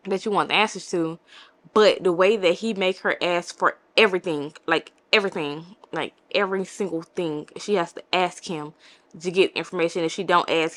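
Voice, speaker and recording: A young woman chatting casually in a reading vlog, expressive and exasperated, often stopping and restarting her sentences. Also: lowish voice. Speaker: book vlogger.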